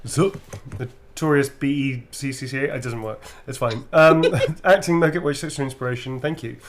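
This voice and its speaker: A man's voice: mid-range voice, moderate pace. Laughing, swearing British man. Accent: British English. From Britain. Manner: laughs often, swears freely, animated storytelling. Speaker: actor signing autographs. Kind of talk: casual chat during a livestream signing.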